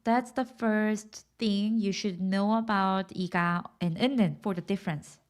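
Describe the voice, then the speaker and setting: A woman's voice: medium pitch, fairly even intonation, normal speed. A woman with a Korean accent teaching grammar in English to learners, patiently repeating example sentences and checking understanding with questions.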